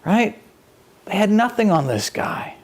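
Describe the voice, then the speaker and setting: A pastor gives a relaxed, talky sermon, bringing a story to life and slipping into the voices of its characters. His voice sits a little high and has a gravelly edge. His pitch swings widely from line to line. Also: measured pace. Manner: animated storytelling, acts out the people in the story. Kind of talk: conversational sermon.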